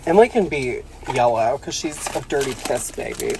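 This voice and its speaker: Lively, crude woman cracking jokes. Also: rumbling low, noisy background. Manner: animated, crude, quick to laugh. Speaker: podcast co-host. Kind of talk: casual comedic chat.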